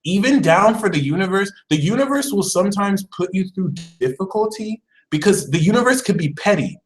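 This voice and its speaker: A man hosting a casual astrology live stream, talking in a chatty, animated way and putting on mock voices. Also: high voice, brisk, poor audio. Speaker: astrology channel host.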